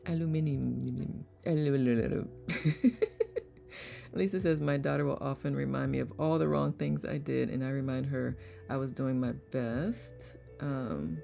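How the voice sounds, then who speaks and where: Woman host, low gravelly voice, playful live chat, faint music behind. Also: fairly even intonation, unhurried, dark tone. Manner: playful, laughs often, repeats words aloud. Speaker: host of online community circle. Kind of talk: casual live-stream chat reading comments.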